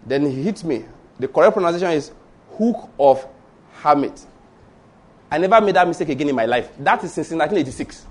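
Animated Nigerian pastor with a Yoruba accent. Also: male voice, a little high, racing, slightly rough. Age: middle-aged. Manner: animated storytelling, acts out dialogue, rhetorical questions. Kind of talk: sermon.

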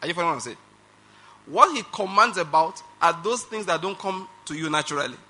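A man's voice: fairly high pitch, expressive, quick pace, pushed and bright. A male pastor preaching a sermon, emphatic, asking the congregation rhetorical questions and laughing between phrases.

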